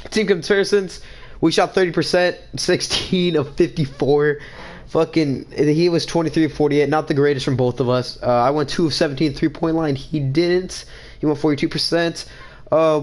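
A young man giving profane, trash-talking commentary over his own basketball video game match. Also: fairly high pitch. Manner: loud, swearing, trash-talking, swings to mock apology. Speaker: gaming video creator.

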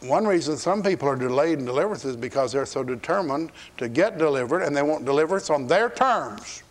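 Folksy preacher man, raised pitch. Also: animated, a little fast. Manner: folksy, acts out biblical quotes in paraphrase. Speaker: pastor. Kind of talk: sermon. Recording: 1980s archival sermon tape.

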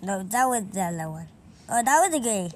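A woman's voice: medium pitch, very animated, a little fast, a little mellow, a little hiss or hum. A woman giving casual, rambling commentary while playing a video game, often confused by what happens on screen. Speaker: gamer.

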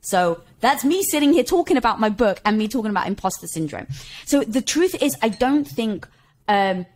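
Lively, animated woman telling stories. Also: a little high, moderate pace. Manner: expressive, laughs while telling stories, quotes herself. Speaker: podcast guest, author. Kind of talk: animated conversational storytelling.

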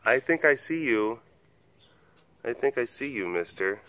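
A man's voice: mid-range voice, measured pace, no echo. Playful man bantering with tigers. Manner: playful and animated, teasing the animals and breaking into laughs. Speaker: big cat keeper filming the animals. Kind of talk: casual vlog talking to tigers.

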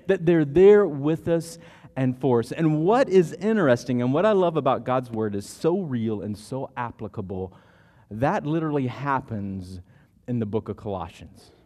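A man's voice: on the high side, a little mellow. A man in his thirties preaching a sermon as pastor, telling stories casually with frequent restarts. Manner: conversational storytelling with repeated restarts. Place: church sanctuary. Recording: long church hall reverb.

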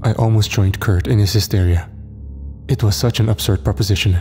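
Low, mellow male horror narrator. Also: steady tone. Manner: measured, grim first-person telling. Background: faint music.

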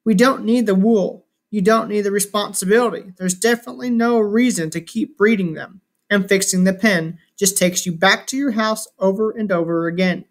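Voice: mid-range voice, moderate pace, few pauses, natural voice. Brief: reader doing an overprotective storybook mom, teary and stern, insistent, scolding. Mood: urging. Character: anxious overprotective mother, tearful and stern.

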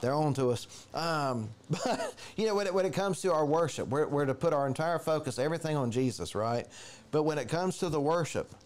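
A man preaching a conversational sermon in a church, animated and chatty, acting out quoted voices. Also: a little fast, hardly any pauses. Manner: animated, storytelling, jumps to higher pitch for quoted voices. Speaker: pastor.

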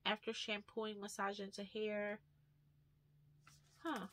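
A woman's voice: mid-range voice, level tone, takes it slowly, fairly bright tone. Chatty woman vlogger rambling through an unboxing. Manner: chatty, rambling, lots of "like" fillers. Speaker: beauty vlogger. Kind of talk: casual haul unboxing chat.

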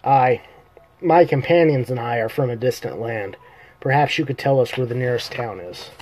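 A man reading as a calm, persuasive adventurer. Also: mid-range voice, normal speed, a little hiss or hum, lightly acted, poor audio. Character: diplomatic young human adventurer, calm persuader.

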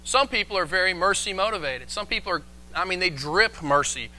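Pastor, male, high bright voice, animated live sermon delivery. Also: a little fast. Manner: animated preaching, acts out quoted voices. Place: church, live stream.

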